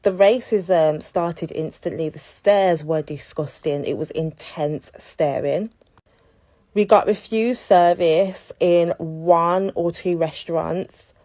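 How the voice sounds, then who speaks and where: A woman telling a personal travel story in a measured, serious, deliberate way. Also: on the low side, darkish tone, no room sound. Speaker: traveller recounting a trip.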